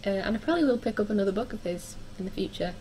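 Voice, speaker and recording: A woman's voice: mid-range voice, expressive, very fast, darkish tone, slight background noise, rough recording. Chatty young woman reviewing books. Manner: chatty, frequent ums and likes. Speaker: book vlogger. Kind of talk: casual book review chat.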